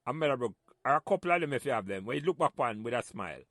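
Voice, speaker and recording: A man's voice: medium pitch, racing, no echo, clean studio sound. A Jamaican man hosting a casual interview, chatty and encouraging. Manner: lively, chatty, frequent backchannel. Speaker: host.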